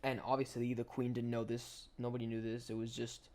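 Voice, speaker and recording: A man's voice: medium pitch, completely flat delivery, fairly quick, a little mellow. A young adult man, a gaming commentator, telling a story in a rambling, slangy way, full of restarts over gameplay.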